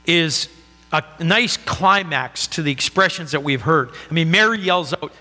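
A man's voice: a little high, lively intonation, normal speed, pushed and bright, big-room sound. A man preaching a sermon as a pastor, in an earnest, conversational way.

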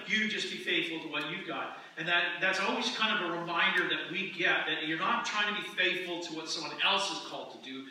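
Male pastor, bright and fairly high voice, chatty sermon delivery, roomy echo from a distance. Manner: conversational, animated storytelling with acted-out quotes. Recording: echoey room, mic at a distance, faint noise.

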